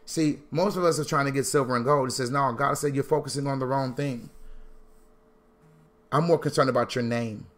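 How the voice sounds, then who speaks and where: A Christian financial teacher gives a sermon-style talk about money, preacherly and animated, at a brisk pace. He repeats lines for emphasis and swings from low asides to loud bursts.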